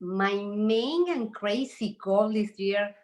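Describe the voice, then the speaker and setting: A woman insurance agent with a Spanish accent, talking haltingly and laughing often on a video call. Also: medium pitch, a little mellow.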